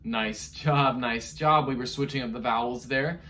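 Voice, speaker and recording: A man teaching an online music lesson to young children, encouraging them through vocal warm-ups. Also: medium pitch, unhurried, far from the mic, slight background noise.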